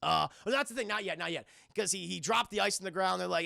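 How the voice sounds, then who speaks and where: A man excitedly recapping a cartoon scene by scene for a stream chat, swearing freely and acting out the characters in funny voices. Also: high voice, fast, gravelly, hardly any pauses, dry recording, studio quality.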